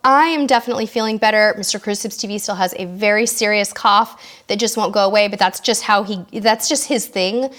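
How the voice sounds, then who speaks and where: A woman's voice: medium pitch, a little fast, hardly any pauses, fairly bright tone. A woman hosting a casual live-stream Q&A, reading out viewers' questions and answering them in a friendly, chatty way. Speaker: host of a live cruise Q&A.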